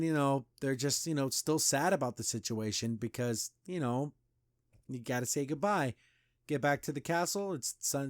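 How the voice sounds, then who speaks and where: A man's voice: mid-range voice, no echo, studio quality. A man hosting a podcast, loosely recapping a cartoon episode with lots of "like" and restarts. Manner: loose retelling with frequent "like" and restarts. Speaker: podcast host.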